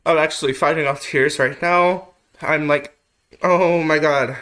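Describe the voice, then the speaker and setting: A man hosting a let's play, giving casual, emotional game commentary with repeated loud protests. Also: fairly high pitch, fairly even intonation, moderate pace. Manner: casual, informal.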